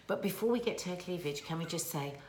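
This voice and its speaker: A woman co-hosting a casual family chat reviewing a TV series, animated and enthusiastic. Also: on the low side, fast talker. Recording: echoey room, faint noise.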